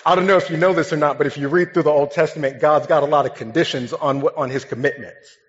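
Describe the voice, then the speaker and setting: A young man, a pastor, gives a sermon built on a funny childhood story, talking in a relaxed, conversational way. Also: fairly high pitch, quick pace, a faint crowd, slight background noise. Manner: humorous, conversational, lively storytelling. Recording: dull sound with long hall reverb.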